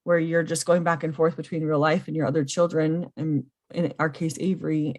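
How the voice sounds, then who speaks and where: A woman in her thirties telling a personal story earnestly, often pausing with ums. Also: sits low, a little mellow. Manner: earnest and emotional, with frequent ums. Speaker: podcast guest, foster and adoptive mother.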